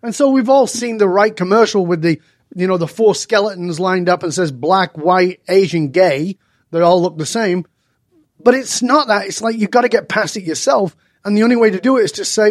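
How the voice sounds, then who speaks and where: A man in his sixties from Northern England talks as an interview guest. His voice sits a little high and sounds dry and close, with no room around it. He tells stories with animation, jumping into the voices of the people in them. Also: normal speed, dry recording. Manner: acts out dialogue with lively voice changes. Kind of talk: animated storytelling in conversation.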